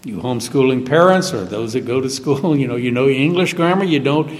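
Emphatic preacher, lively pitch. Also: male voice, a little fast, long reverb tail. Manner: emphatic, rising sharply on quoted verses. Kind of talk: sermon.

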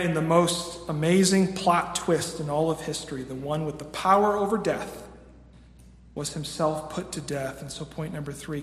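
A man in his thirties preaches a sermon in a slightly high voice, moving between hushed stretches and raised emphatic peaks. His voice rings around a large, echoey church hall with a long reverb tail. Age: 30s. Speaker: pastor. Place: church sanctuary with a screen.

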